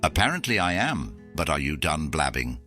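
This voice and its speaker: A man's voice: a bass voice, sing-song, normal speed. A man in a comedy sketch who talks in a sarcastic, exasperated way. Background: faint music.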